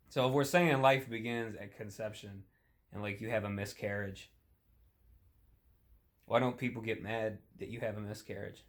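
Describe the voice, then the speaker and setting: A young man delivering a crude, profane comedic rant, rambling in a deadpan way with sudden shouty outbursts. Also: lowish voice. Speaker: comedic monologue host.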